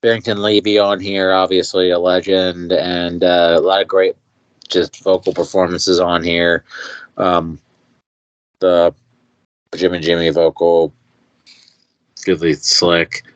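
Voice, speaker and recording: A low-voiced American man co-hosting a music podcast, laid-back and wry, and swearing casually. His mic sounds dry and dull, with no room echo and a muffled, lo-fi tone. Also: flat delivery, slow, long pauses, clear, resonant tone. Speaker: podcast co-host. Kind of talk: casual music review chat.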